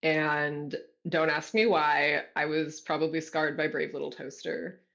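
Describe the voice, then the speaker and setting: A guest author from California telling stories in a casual interview, animated and self-deprecating, laughing often, on a video call. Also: mid-range voice, unhurried, gravelly. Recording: dull lo-fi audio.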